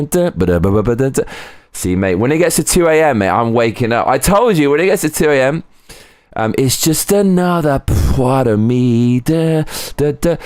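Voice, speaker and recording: A man's voice: fairly low pitch, no room sound, studio quality. A man streaming live from home, chatting casually, rambling and swearing as he goes. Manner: rambling, swearing, breaks into sung snatches. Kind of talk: casual livestream chat.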